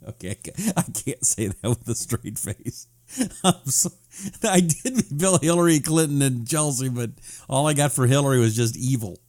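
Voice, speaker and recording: A man hosting a live political talk show, reading viewer comments in a sarcastic, animated way. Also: medium pitch, normal speed.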